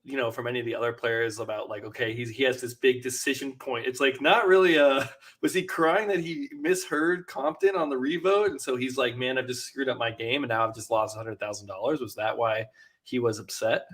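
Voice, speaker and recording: A man's voice: mid-range voice, fairly quick. A man co-hosting a podcast, chatting casually about a reality show and acting out what the players said. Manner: animated, acts out quotes from the show. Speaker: podcast co-host. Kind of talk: casual recap chat.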